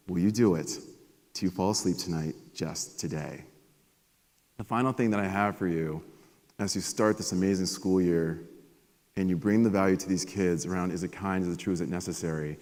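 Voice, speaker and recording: A man giving a motivational keynote at a conference, energetic and animated as he tells stories to the audience. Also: low voice. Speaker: keynote speaker. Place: large conference hall. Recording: long hall reverb.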